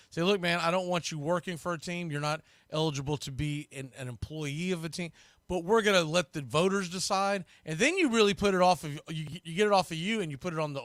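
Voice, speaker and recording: A man's voice: fairly bright tone, no echo, studio quality. Opinionated man calling the game. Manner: opinionated, rambling asides between pitches. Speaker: host and play-by-play announcer. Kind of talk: fan play-by-play commentary.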